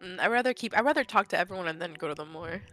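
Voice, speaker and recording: A woman's voice: lowish voice, expressive, racing, pushed and bright, faint music behind. A woman playing a tabletop game, cautious in questions and teasing the game master. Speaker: player. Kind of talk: casual chat in a tabletop game.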